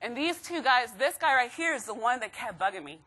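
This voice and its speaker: A woman in her thirties giving a motivational talk to students, telling lively stories with acted quotes. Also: fairly high pitch, brisk. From Texas, USA. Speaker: motivational speaker. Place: stage before a live student audience.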